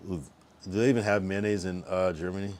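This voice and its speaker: A man's voice: sits low, fairly even intonation, fairly quick, darkish tone, a little hiss or hum. A young man hosting a livestream, chatting loosely, swearing freely and trailing off into mumbles. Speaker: livestream host. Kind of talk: casual rambling chat.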